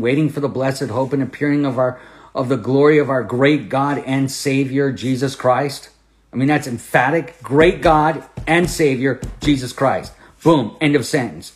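A man teaching the Bible on a podcast, emphatic and repeating key phrases, with swings between loud preaching and quiet asides. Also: mid-range voice.

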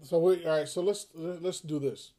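A man's voice: on the high side, steady tone, normal speed, dark tone. A man in his thirties co-hosting a podcast, chatting casually and telling stories, laughing and acting out his son's lines. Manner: loose, laughing storyteller who acts out his son. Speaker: podcast co-host. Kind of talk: casual chat.

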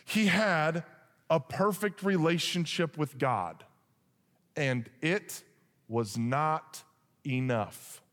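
A man preaching a sermon, telling a humorous story with lively asides and then reading scripture. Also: a little high, extremely slow. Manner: animated, joking, shifts into acted voices for characters. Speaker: pastor. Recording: long hall reverb.

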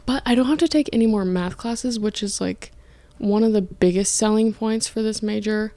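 A young college woman hosts a casual solo podcast from her dorm room, chatting and rambling while often stopping to correct herself. Her mid-range voice has a dark tone and a moderate pace, captured dry on a podcast mic and filmed for video.

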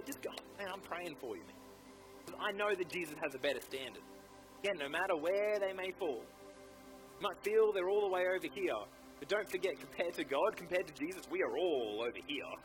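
A man's voice: high-pitched, low-quality recording. Fervent man preaching over music. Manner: fervent, exhorting, repeats "come on". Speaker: pastor. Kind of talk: sermon. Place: church.

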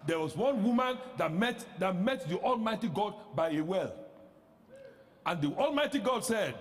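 High-voiced pastor guy preaching loud, big swings in pitch, echoey hall. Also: normal speed. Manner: animated preaching, rising to shouts and rhetorical questions. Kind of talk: sermon.

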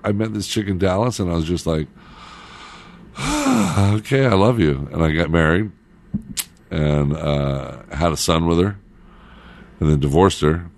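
A man's voice: a bass voice, steady tone, a little slow, gravelly, long pauses, a little mellow. A middle-aged man, a radio host and former DJ, telling loose stories in casual chat and laughing as he goes.

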